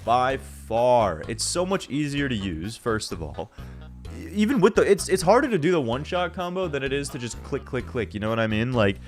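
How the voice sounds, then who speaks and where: A man's voice: medium pitch, sing-song, normal speed, faint music behind. A young man with a stuffy, nasal voice from a cold, rambling casually in slang as he reviews a video game for his channel. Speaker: gaming YouTuber.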